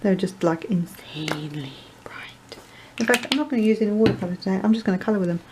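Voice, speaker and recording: A woman's voice: mid-range voice, rapid-fire, background noise. A woman chatting her way through a card-making tutorial, rambling with self-deprecating asides and muttering to herself. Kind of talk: crafting tutorial chat.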